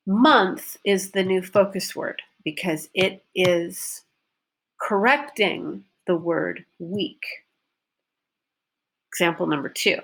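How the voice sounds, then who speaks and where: Female teacher, slow and deliberate delivery, models stressed words clearly for practice. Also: lowish voice, fairly bright tone. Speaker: pronunciation teacher. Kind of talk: recorded online lesson.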